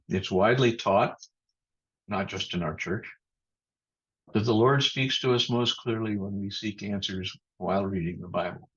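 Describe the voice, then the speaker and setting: A man giving a thoughtful sermon as pastor over a video call, speaking in a measured way with pauses and restarts. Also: on the low side, a bit bright, slightly rough. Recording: muffled video-call audio.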